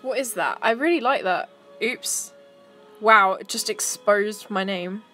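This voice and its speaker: Young woman, casual stream chat, giggly, talks to herself, mid-pitched. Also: measured pace, bright, forceful tone, faint music behind. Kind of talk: casual live-stream chat while browsing.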